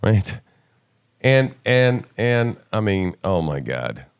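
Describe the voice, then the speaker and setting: A man's voice: fairly low pitch, very animated, slow pace, clear, resonant tone. A man hosting a podcast in a casual, sarcastic, incredulous commentary style. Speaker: podcast host.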